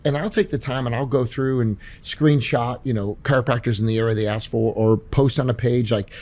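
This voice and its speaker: A man co-hosting a live podcast Q&A at a seminar, talking in an animated, jokey way with some swearing. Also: medium pitch, a little fast. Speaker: podcast co-host. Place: seminar stage.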